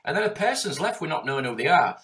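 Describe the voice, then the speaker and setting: Lively sweary Yorkshire man. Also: fairly high pitch, fast. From Yorkshire, England. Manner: animated, swearing, acts out quoted voices. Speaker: business coach. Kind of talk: casual podcast chat.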